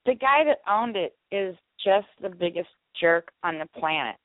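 A woman co-hosting an internet radio talk show, from the St. Louis area, reading announcements briskly and chatting casually. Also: mid-range voice, expressive, no room sound. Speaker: show co-host. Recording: tinny phone-line audio.

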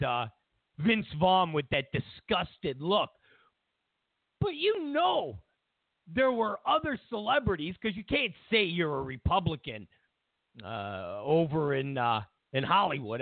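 A man hosting a talk show, giving opinionated political commentary in an animated, rambling way, with restarts and mocking quoted voices. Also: high voice, gravelly, no room sound. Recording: dry, phone-like narrow sound.

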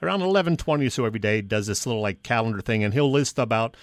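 A man co-hosting a casual sports radio chat, relaxed and jokey as he tells stories. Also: mid-range voice, very fast, dry recording. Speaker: co-host.

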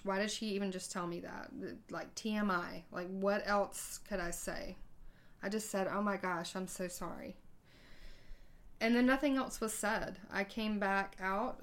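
Woman host telling a personal story. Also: medium pitch. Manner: conversational, acts out quoted dialogue with hesitations. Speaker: podcast host.

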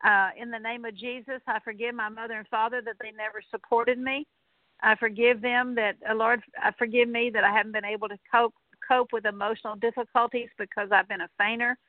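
A woman's voice: fairly high pitch, little pitch movement, brisk, no echo. A woman minister leading a radio deliverance prayer, speaking earnest, repetitive declarations with occasional fillers. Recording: tinny narrow-band radio sound.

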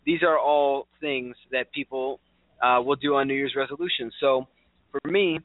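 A man's voice: mid-range voice, fairly even intonation, moderate pace, no echo. A man hosting a casual talk show, chatty and upbeat. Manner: chatty, upbeat, many fillers and restarts. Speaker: show host. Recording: dry, tinny phone-like line.

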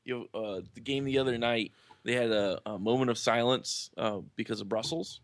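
A man's voice: mid-range voice, fairly even intonation, moderate pace, dry recording. A man chatting casually on a sports podcast, telling long stories padded with many fillers. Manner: rambling storyteller, many "you know" fillers. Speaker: podcast co-host or guest.

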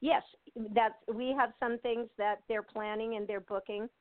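A woman's voice: a little high, little pitch movement, normal speed, no room sound. Older woman chatting over a phone line. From United States. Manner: chatty, laughs often, many fillers and restarts. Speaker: actress, interview guest. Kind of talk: casual interview chat. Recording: tinny dry phone line.

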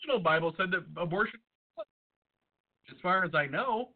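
A man hosts a podcast in loose, crude banter. He swears freely and jokes irreverently. His voice sits a little high and comes through a narrow, phone-like line. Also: animated, a little fast. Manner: irreverent, profane, joking. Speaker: podcast host. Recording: tinny phone-like audio.

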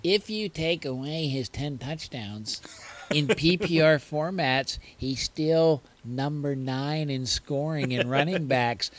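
A man putting on a mocking voice of a nerdy, stats-obsessed fantasy football fan who talks in a slow, pedantic mutter. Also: on the high side, no room sound, voice pushed down.

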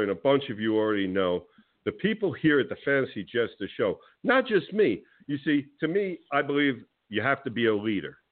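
A male talk radio host ranting combatively at a rival, then welcoming his co-host. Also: medium pitch. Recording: phone-line audio.

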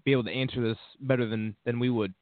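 A man's voice: medium pitch, fairly even intonation, quick pace, no room sound. A man hosting a talk radio show, bantering bluntly and profanely and reading out the call-in number. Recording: tinny phone-like sound, dry.

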